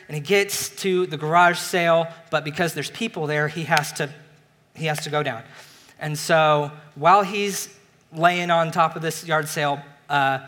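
A pastor giving a sermon, retelling a film plot in a relaxed, conversational way. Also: male voice, on the high side. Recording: long reverb of a large hall.

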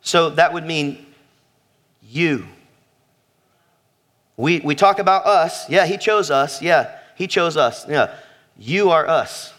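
A man's voice: a little high, slow pace, long pauses, fairly bright tone. A man preaching a sermon as pastor, emphatic, repeating phrases and asking the congregation questions. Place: church sanctuary.

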